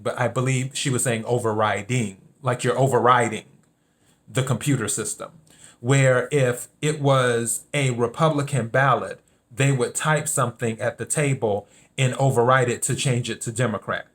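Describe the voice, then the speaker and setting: Emphatic man hosting a solo commentary podcast. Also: mid-range voice. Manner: emphatic, repeats key points. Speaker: podcast host. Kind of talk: solo political commentary monologue.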